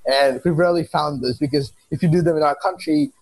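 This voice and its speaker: A man's voice: a little high, a little fast, a little mellow, no echo, poor audio. A man hosting a casual podcast interview, speaking enthusiastically and laughing often. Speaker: podcast host.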